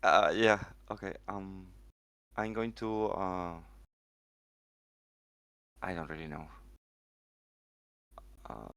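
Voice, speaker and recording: A man playing in a tabletop game, hesitant and unsure, trailing off and filling pauses. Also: low-pitched, a bit bright, clear, resonant tone, dry recording. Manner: hesitant, unsure, many fillers. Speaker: player.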